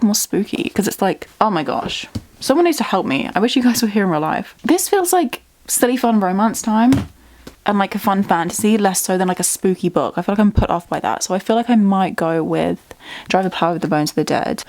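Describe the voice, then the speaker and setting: A woman's voice: medium pitch, darkish tone, no room sound. A young woman chatting casually as a book vlogger at home, bubbly and talkative, thinking aloud. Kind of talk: casual chat.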